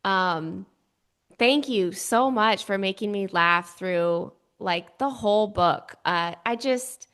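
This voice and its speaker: A woman hosting a podcast interview, speaking warmly and gushing, with laughs. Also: mid-range voice, clean tone. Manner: unhurried, gushing, laughs, faith-centered mom talk. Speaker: podcast host.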